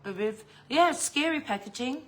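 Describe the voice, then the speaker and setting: A woman's voice: sits high, lively intonation, normal speed. A middle-aged woman chatting casually as a vlogger, swearing freely and laughing often. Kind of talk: casual unboxing chat.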